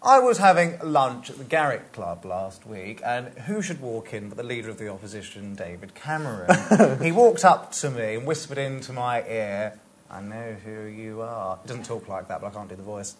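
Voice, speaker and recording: A man's voice: mid-range voice, animated, moderate pace, slight background noise. A man on a comedy radio panel, telling an improvised story in a rambling, giggly way.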